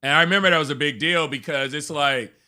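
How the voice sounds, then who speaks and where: Man, podcast co-host, high voice, very bright tone, animated storyteller, casual swearing. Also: quick pace. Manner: animated storytelling, laughs often, swears freely. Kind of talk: casual chat.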